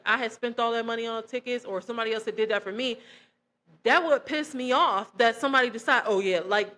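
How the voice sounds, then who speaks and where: A young woman, telling a personal testimony in a casual, animated way and acting out quoted dialogue. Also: a little high. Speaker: vlogger.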